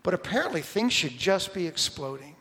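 A man's voice: high voice, animated, a little fast. Emphatic male preacher in a reverberant hall. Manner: emphatic, rising to loud stresses on key words. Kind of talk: sermon.

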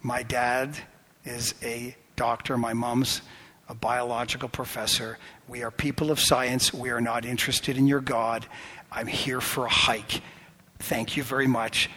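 A brisk, dismissive young woman who wants no talk of faith, as a male preacher quotes her in a low, flat tone. His voice hangs in the long echo of a big hall. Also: slightly rough. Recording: long reverb of a large hall.

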